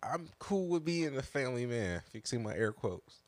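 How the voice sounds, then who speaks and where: A man's voice: mid-range voice, very animated, fairly quick, a crowd in the background. A man co-hosting a casual podcast chat, laid-back and profane, laughing often as he tells a story. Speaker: podcast co-host.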